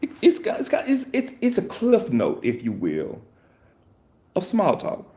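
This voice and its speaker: A man's voice: high voice, wildly swooping pitch, a little slow, dark tone. A man hosting a podcast, talking in a casual, rambling and jokey way, correcting himself and laughing often. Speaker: podcast host.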